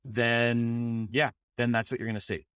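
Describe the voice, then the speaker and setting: A man's voice: mid-range voice, level tone, measured pace, a bit bright, clean tone, no echo, studio quality. A man co-hosting a podcast in a loose, joking way, swearing freely and trailing off with fillers. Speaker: podcast co-host. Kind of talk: casual chat.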